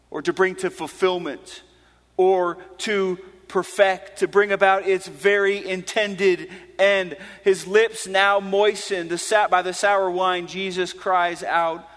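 A man preaching a sermon earnestly, dropping to hushed low phrases and rising to emphatic declarations. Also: steady tone, measured pace. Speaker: pastor. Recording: long hall reverb.

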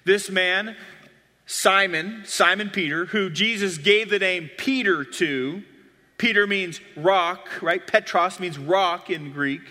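A man's voice: high-pitched, slow, pushed and bright, long reverb tail. A man preaching a sermon, reading scripture aloud and explaining it expressively. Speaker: pastor.

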